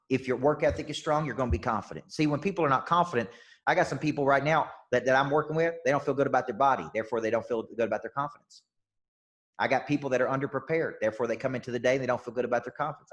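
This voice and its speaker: A man's voice: medium pitch, fairly bright tone. A man with a Southern US drawl delivers a motivational coaching session in an intense, upbeat manner. He hammers home points by repeating them and keeps asking his audience "okay?" and "right?" His voice sits in an ordinary middle register. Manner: emphatic and repetitive, checks in with "okay?" and "right?". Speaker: life and business coach. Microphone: online call session.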